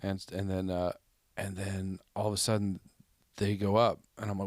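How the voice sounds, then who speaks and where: Man, American accent, casual podcast chat, rambling stories, low voice, dry sound. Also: level tone, normal speed, dry recording. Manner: rambling anecdotes with loud, high-pitched quoted outbursts. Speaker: podcast host.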